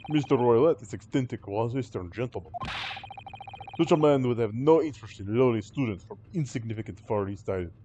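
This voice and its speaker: A man's voice: mid-range voice, expressive, brisk, dark tone, dull audio, slight background noise, voice pushed down, lightly acted. A man voicing a burly, hostile male sailor who speaks blunt, broken English. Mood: dismissive. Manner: blunt, menacing, drops articles.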